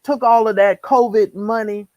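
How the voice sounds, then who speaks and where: A woman's voice: a little high, fairly even intonation, normal speed, darkish tone, no room sound, highs cut off. A woman co-hosting a live-stream chat show, talking in an emphatic way and repeating words when worked up. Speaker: co-host. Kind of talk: casual live-stream commentary.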